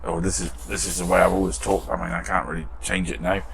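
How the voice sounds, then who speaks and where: A man's voice: sits low, little pitch movement, fast, vocal fry, a bit bright, slight background noise. A British man hosting a model restoration channel, chatting casually in his shed workshop and reading out viewer comments with self-deprecating humour.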